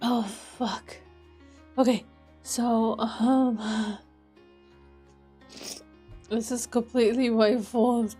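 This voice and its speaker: A woman's voice: on the high side, steady tone, very slow, long pauses, warm tone, husky, soft background music. A woman streamer chatting casually on a live stream, giggly and self-deprecating as she rambles, her nose stuffed up and burning.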